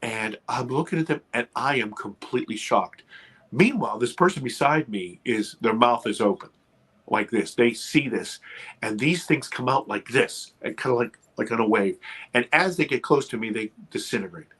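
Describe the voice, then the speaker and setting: Guest man, animated storyteller, voice jumps high when he acts out panic, slightly husky tone. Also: normal speed. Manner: animated, re-enacts his panic with high excited quotes. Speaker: guest filmmaker. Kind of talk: live podcast interview storytelling.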